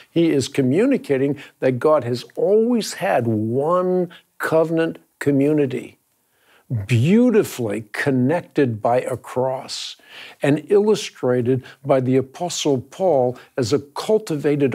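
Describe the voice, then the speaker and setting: A man hosts a round-table discussion, explaining things earnestly and emphatically and often repeating words as he restarts. His voice is mellow and on the high side.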